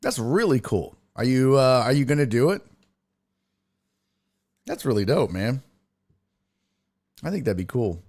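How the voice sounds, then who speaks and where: Profane, animated male stream host. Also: mid-range voice, unhurried, pauses often. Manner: profane, exasperated ranting with sudden yelled outbursts. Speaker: sports talk live-stream host. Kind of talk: casual live-stream chat, reading viewer comments.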